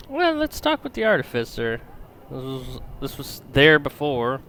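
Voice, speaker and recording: A man with a bright, forceful voice reads a story game aloud on stream. He steps out of the narration now and then to weigh his choices. His delivery stays casual and conversational. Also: medium pitch, huge pitch swings, measured pace, a little hiss or hum. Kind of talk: reading game text aloud while playing.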